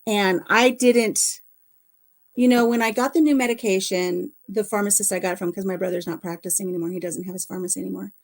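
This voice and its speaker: A woman's voice: medium pitch, steady tone, fairly quick, creaky. A middle-aged woman in casual chat, telling a story in a rambling, chatty way with small fillers. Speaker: vlogger.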